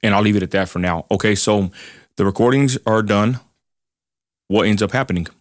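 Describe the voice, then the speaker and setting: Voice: low-pitched, brisk, no echo, clean studio sound. An interviewer who asks brief prompting questions and guides the story.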